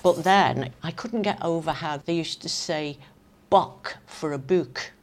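An older woman with a Manx accent recounts old memories in a chatty, storytelling way. Her voice sits low. She talks in loose, lively asides, like a guest chatting easily. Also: measured pace. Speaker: interview guest. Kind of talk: casual reminiscing anecdotes.

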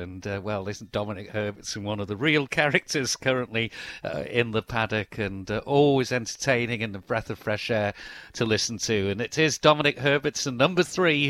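A man working as a race commentator reads out the practice times in a measured way, rider by rider. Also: mid-range voice, a bit bright, no room sound. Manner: measured, listing names and speeds. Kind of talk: reading practice results.

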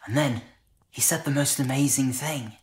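A man's voice: mid-range voice, moderate pace, lightly acted. An actor playing a humble male shepherd recalling a night by the fire, in a conversational, hesitant, marvelling way. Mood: reflective. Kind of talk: dramatic monologue.

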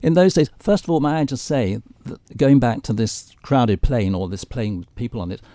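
A man's voice: mid-range voice, expressive, moderate pace, mellow, no echo, studio quality. An older man telling theatrical anecdotes as a guest on a radio chat show. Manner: theatrical storyteller.

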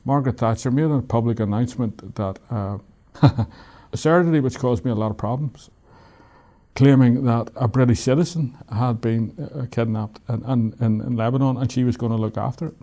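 An Irish author, appearing as an interview guest, recounts his own story in a gravelly, mellow, medium-pitched voice. He comes across as reflective and wry, often letting a laugh slip into his words, and speaks in an easy, unhurried way, as though remembering while he talks.

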